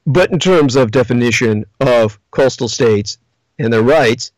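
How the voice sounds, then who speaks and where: A man hosting a livestream, lecturing in a monologue with emphatic, theatrical swings in pitch, spelling out names as he goes. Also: no echo, poor audio. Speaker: livestream host.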